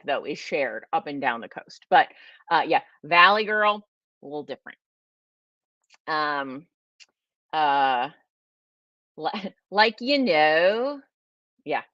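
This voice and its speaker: A woman's voice: sits low, dry recording. A woman from California with a Californian accent and a slightly nasal voice, rambling casually as she hosts a livestream and answers viewer questions, saying "like" a lot. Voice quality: a little nasal. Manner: rambling, chatty, says "like" a lot. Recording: dull, lo-fi, dry sound.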